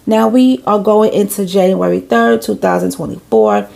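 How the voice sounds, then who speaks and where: Woman with a gravelly, creaky voice. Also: medium pitch, sing-song, moderate pace, darkish tone. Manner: chatty, asides with rhetorical questions. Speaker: channel host. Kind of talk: casual gossip commentary, reading messages aloud.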